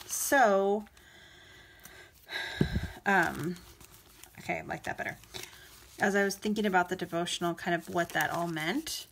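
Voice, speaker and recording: A woman's voice: medium pitch, a bit bright. A woman chatting casually while crafting, rambling with many fillers and restarts, getting emotional and breaking into laughs. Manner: emotional, laughing between words. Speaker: crafting vlogger.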